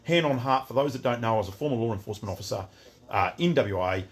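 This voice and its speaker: Middle-aged Aussie man, shop owner doing a livestream rant; mid-pitched, rambling, keeps breaking off to greet viewers. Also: animated, fast. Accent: Australian. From Western Australia. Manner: chatty, greets viewers by name, rambling restarts.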